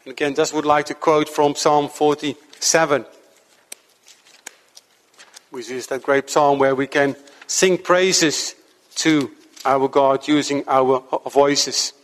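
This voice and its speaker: A man preaching a sermon to his congregation in an earnest, measured way, slowing down to stress key points. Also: on the high side, steady tone, big-room sound. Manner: earnest, measured preaching with slow emphatic stretches.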